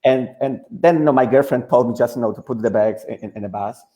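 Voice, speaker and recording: A man's voice: medium pitch, fast talker, dark tone. A man whose first language is Polish, hosting an online webinar in English and telling stories in a chatty way, full of "like". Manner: chatty, leans on "like". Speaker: host, school founder. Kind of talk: casual webinar storytelling. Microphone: video call.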